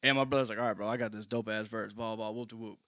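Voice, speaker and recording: Podcast co-host, male, lively storyteller; bright, forceful tone, dry close sound. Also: fairly low pitch, fast, no room sound. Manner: animated storyteller, laughs while quoting others. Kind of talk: casual chat.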